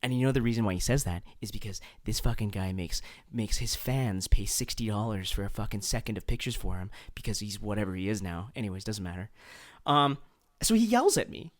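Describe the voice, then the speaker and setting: A man's voice: lowish voice, lively intonation, fairly quick. A man co-hosting a podcast, telling a long rambling story full of swearing and restarts. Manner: profane, rambling anecdote with many restarts. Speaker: podcast co-host. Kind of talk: casual podcast chat.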